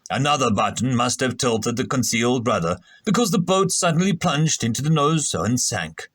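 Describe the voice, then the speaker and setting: A man narrating a science fiction story aloud in an expressive, animated reading voice. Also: medium pitch, moderate pace, dry recording.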